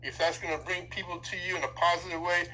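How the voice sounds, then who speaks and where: Bright-voiced older man telling stories. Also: high-pitched, level tone, fast, a little hiss or hum, low-quality recording. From Seattle. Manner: reflective storyteller, laughs easily. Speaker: radio DJ guest. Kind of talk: casual radio interview.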